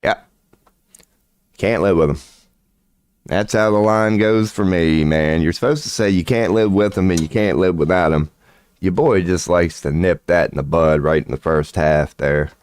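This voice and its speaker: A man with a very low voice rambles through a crude, swaggering monologue. He swears constantly and breaks into laughter between phrases. The recording is close and dry, with no room sound. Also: moderate pace, a little mellow, smooth, no echo. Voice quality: crude, swaggering, profanity-laced talk. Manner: laughs often mid-sentence. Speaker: channel host.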